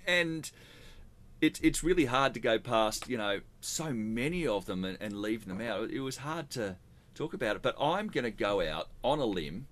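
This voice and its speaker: A man's voice: medium pitch, animated, normal speed, a bit bright. A man co-hosting a casual sports podcast, joking and bantering. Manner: jokey, bantering. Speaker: sports reporter and podcast co-host.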